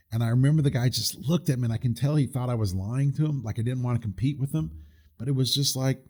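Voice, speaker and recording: Man, podcast host, casual chat, indignant, rambling, restarts a lot, mid pitch. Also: quick pace, a little mellow.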